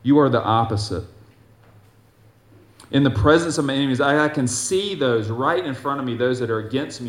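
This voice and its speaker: A man preaching a sermon, reading scripture aloud with force and dropping to soft, gentle asides. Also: medium pitch, moderate pace, roomy sound.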